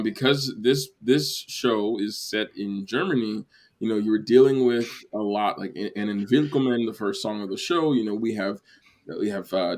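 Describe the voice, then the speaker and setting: A man hosting a casual theater panel chat, rambling with restarts and laughter. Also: medium pitch. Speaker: podcast host.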